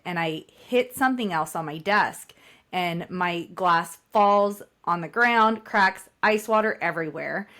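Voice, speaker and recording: A woman's voice: medium pitch, fairly bright tone. Exasperated woman venting on a podcast. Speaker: podcast co-host. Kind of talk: casual storytelling chat.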